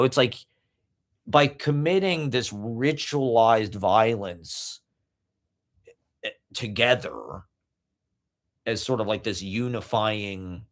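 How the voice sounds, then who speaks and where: Male podcast host, slow deliberate rant, low voice, rambling and profane. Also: fairly bright tone. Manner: rambling, heavy fillers, profane. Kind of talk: casual monologue rant.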